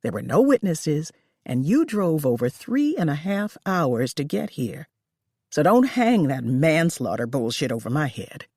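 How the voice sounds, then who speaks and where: The narrator voicing a wealthy, cornered woman who speaks in a tense, sharp, demanding way. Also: medium pitch, very animated, unhurried, dry recording, studio quality.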